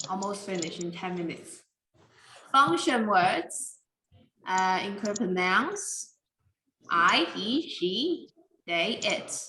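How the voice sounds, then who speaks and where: A woman teaching English pronunciation in a careful, deliberate way, with simple non-native grammar. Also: medium pitch, sing-song, pushed and bright, roomy sound, slight background noise, low-quality recording. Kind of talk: slow classroom explanation.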